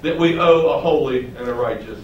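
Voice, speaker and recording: A man preaching a sermon. He reads verses, explains them, and acts out the speakers in a higher voice. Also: brisk, highs cut off. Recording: roomy echo, voice from a distance, faint background noise.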